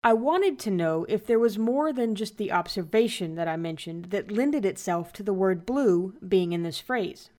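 A woman's voice: mid-range voice, expressive, normal speed, few pauses, a little mellow. A woman hosting a podcast, reading scripted narration about the origin of an idiom. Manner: laughing at her own flubbed words in outtakes. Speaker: podcast host.

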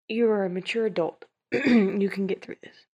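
A woman reading a script, giggling at her own slips and slowly repeating hard words. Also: medium pitch, dark tone, breathy edge. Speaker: video host reading a script. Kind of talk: casual blooper-reel reading.

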